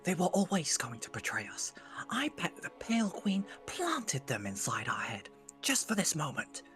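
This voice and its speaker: A woman's voice: fairly low pitch, lively intonation, normal speed, fairly bright tone, faint music behind. Sex: woman. Figure: a woman doing a paranoid inner voice. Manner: whispered, suspicious. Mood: conspiratorial. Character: paranoid inner voice, distrustful and scheming.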